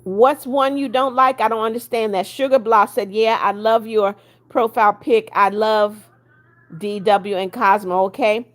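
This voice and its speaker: A woman's voice: mid-range voice, fairly even intonation, measured pace. A woman in her seventies hosting a casual livestream, greeting viewers by name and reading their comments aloud, blunt when she scolds. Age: 70s. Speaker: livestream host.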